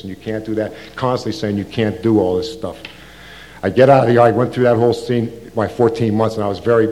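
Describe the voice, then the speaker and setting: Older male veteran, lowish voice, loose rambling storyteller with plenty of restarts. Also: darkish tone. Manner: rambling, casual, with frequent restarts and slang. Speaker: Vietnam veteran recounting his service. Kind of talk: oral history storytelling.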